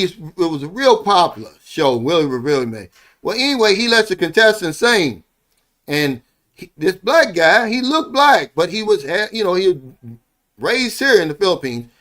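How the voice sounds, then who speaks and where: Man, high-pitched voice, middle-aged, rambling casual monologue, heartfelt, keeps saying "man". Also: big pitch swings, moderate pace, fairly bright tone. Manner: rambling storytelling, ends many phrases with "man"; heartfelt, earnest. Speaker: vlogger living abroad.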